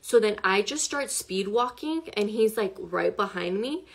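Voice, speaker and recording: A woman recounts a personal story straight to camera, sounding shaken and upset. Her speech rambles, packed with "like" and frequent swearing, and her pitch sits in a middling range. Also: lively intonation, measured pace, creaky, husky. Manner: rambling, heavy use of "like" and profanity, agitated.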